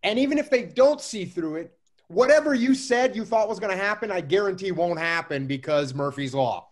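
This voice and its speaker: A man answering interview questions about leadership in a measured, emphatic way, often repeating key phrases. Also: sits high, lively intonation. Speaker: guest speaker on leadership.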